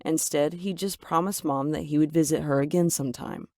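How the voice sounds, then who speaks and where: A woman's voice: low-pitched, normal speed, a little mellow, dry recording, studio quality. A young woman narrating her own story in first person in a dramatic, emotional scripted way. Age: young adult.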